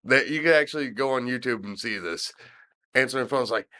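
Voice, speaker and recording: Animated male podcast storyteller. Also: mid-range voice, quick pace. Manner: animated storyteller, chuckling, filler-heavy. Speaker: podcast co-host. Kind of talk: casual storytelling chat.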